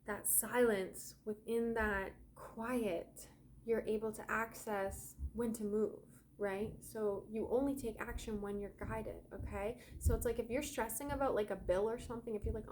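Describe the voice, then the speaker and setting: A woman's voice: on the high side, a little hiss or hum. A woman giving a casual, rambling spiritual energy update as a yoga teacher and oracle card reader, talking straight to her viewers. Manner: chatty and rambling, addresses viewers as guys.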